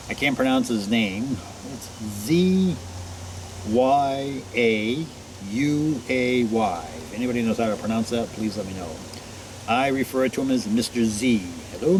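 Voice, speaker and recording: A man vlogging outdoors in a forest, greeting unseen listeners one by one and answering for them in a quieter voice. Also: mid-range voice, noisy background. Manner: greets each name, then answers himself in a quieter voice. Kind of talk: casual talk to unseen listeners.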